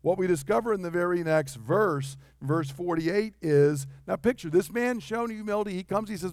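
A man delivering a sermon in a fairly high voice, animated and expressive. He acts out the voices of the people he describes, and the sound is dry and close. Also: normal speed, few pauses, no echo. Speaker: preacher.

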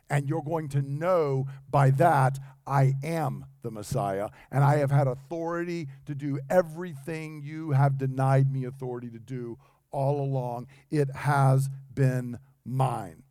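A man's voice: mid-range voice, measured pace, darkish tone, no echo. A man preaching an earnest Bible-teaching sermon, asking rhetorical questions as he explains the text. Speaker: pastor.

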